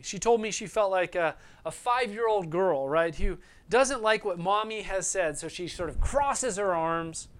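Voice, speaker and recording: A man preaching a sermon as a pastor. He talks earnestly, keeps checking in with "right?", and sometimes drops to a soft, near-whispered voice. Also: high-pitched.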